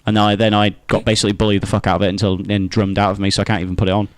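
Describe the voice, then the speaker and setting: A man's voice: on the low side, little pitch movement, rapid-fire, clean tone. A man co-hosting a podcast in loose debate banter, rambling, trailing off mid-sentence and swearing casually. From Scotland. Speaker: podcast co-host.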